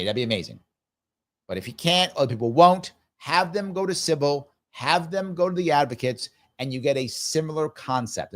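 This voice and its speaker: A man in his fifties hosting a live stream, reading viewer comments aloud and answering them in a casual, musing way, often repeating his phrases. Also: a little high. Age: 50s. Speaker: show host.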